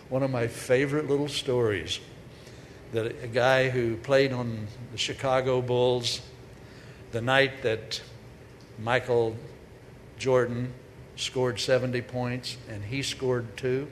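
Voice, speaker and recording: A man giving a humorous, storytelling sermon as a preacher, with sudden loud bursts. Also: mid-range voice, animated, normal speed. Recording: echoey hall with faint noise.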